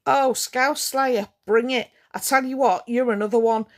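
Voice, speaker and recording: A woman's voice: on the high side, steady tone, moderate pace. A woman ranting on a live stream to her viewers, indignant and confrontational, hammering her points home by repeating them.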